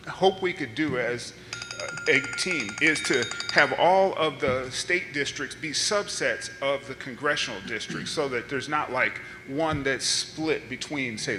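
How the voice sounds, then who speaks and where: A man's voice: medium pitch, bright, forceful tone, a little hiss or hum. A man giving earnest, conversational public testimony with frequent fillers. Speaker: public commenter. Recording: reverberant hearing room.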